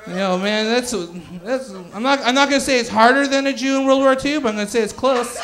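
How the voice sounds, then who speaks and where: Young male stand-up, very high voice, rowdy and crude, working the crowd. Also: fast, a little hiss or hum. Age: 20s. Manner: loud, excitable, crude, bantering with the crowd. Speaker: stand-up comedian. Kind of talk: stand-up comedy set. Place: comedy club stage.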